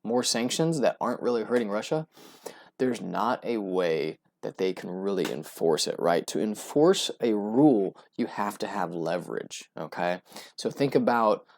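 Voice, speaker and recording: A US-based oil and gas investment commentator offers casual solo remarks on oil prices, with plenty of fillers, restarts and "right?" asides. His lowish, slightly mellow voice has vocal fry and lively intonation at a normal speed.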